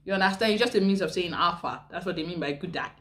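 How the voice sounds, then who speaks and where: A woman's voice: on the low side, quick pace. A woman with a Nigerian accent chatting to camera as a vlogger, full of rhetorical questions. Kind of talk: casual chat to camera.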